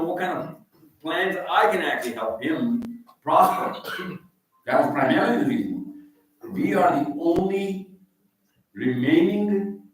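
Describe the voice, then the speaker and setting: A man's voice: on the high side, recorded from a distance. Man with Pakistani accent, echoey hall. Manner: teasing, provocative, quizzes the crowd. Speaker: guest speaker. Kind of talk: mosque talk to an audience. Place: large echoey mosque hall.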